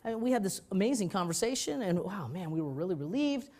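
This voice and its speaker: A male pastor preaching a sermon, telling stories with urgency that drops to hushed tones, often restarting his words. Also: high voice, fast. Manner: animated storytelling, swinging from loud urgency to quiet.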